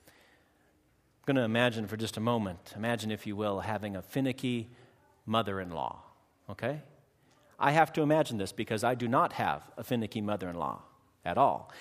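A man preaching a sermon to a congregation, dramatic, slowing down and changing his loudness for emphasis and acting out short exchanges with his listeners. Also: lowish voice. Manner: acts out quick dialogue with the congregation. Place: church hall. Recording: long hall reverb.

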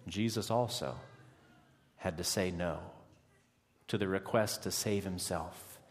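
A man preaching a sermon, swinging dramatically between hushed, quiet lines and impassioned, raised ones. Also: lowish voice, steady tone, normal speed, in a large hall.

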